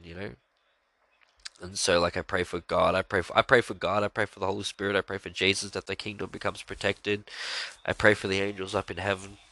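In a dry recording, a man with a low-sitting, sharp-toned voice hosts a podcast. His casual religious monologue rambles earnestly about his faith, dotted with frequent fillers and sighs.

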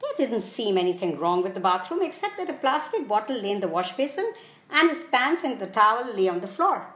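A woman hosting a podcast, reading a whimsical story aloud in a playful, expressive storybook narration. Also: a little high, fairly quick. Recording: echoey room.

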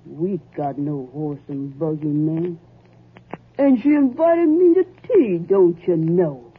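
A woman's voice: lowish voice, animated, slow, husky, full character voice. An actress playing a spiteful, coarse rural woman in a 1940s radio drama, with a folksy, ungrammatical drawl. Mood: scornful. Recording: tinny old radio broadcast, loud music.

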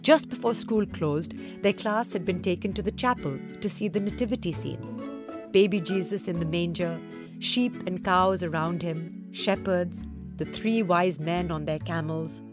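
A woman reading a children's story aloud, with expressive, varied delivery. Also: lowish voice, a little slow, over music.

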